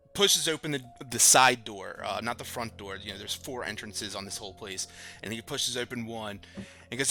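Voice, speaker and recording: Dungeon master dude, slow lively narration, super bright voice, faint music behind. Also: male voice, on the low side. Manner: unhurried and lively, with fillers and restarts while he narrates. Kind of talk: narrating a tabletop game.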